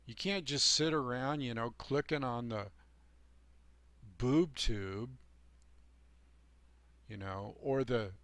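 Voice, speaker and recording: Gravelly-voiced man preaching a folksy rant. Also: medium pitch, takes it slowly, long pauses, fairly bright tone, no echo. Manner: emphatic and folksy, heavy on "you know" and "man"; mocking, sarcastic asides. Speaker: channel host giving life advice. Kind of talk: rambling preachy monologue to camera.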